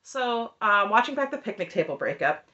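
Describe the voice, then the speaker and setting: Lively, sarcastic woman recapping reality TV. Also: a little high, moderate pace, dull audio. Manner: animated, sarcastic, laughs often. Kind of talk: opinionated reaction commentary.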